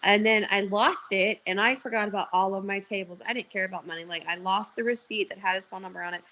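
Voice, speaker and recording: A woman's voice: medium pitch, steady tone, quick pace, bright, forceful tone, low-quality recording. A young woman talking candidly on a video call, telling stories and swearing freely. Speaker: guest. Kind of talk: casual chat.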